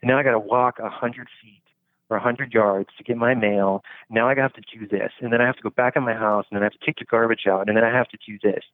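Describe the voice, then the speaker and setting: A man doing a fed-up, swearing grumbler griping through chores at a rushed clip, his voice thin and narrow like it comes over a phone line, dry with no room sound, steady and ordinary in pitch. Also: no echo, natural voice. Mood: annoyed.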